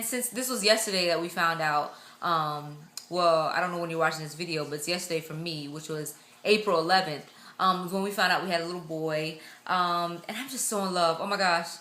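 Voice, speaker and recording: A young woman chatting excitedly in a casual vlog, acting out the lines of the people she quotes. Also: lowish voice, normal speed, echoey room. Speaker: vlogger. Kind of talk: casual pregnancy update vlog.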